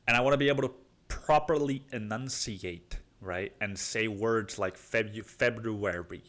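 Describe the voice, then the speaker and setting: A man's voice: lowish voice, a little fast, sharp tone. A man from Mexico hosting a solo podcast, rambling casually, swearing a lot and calling the listener dude. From Cancun, Mexico. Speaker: podcast host.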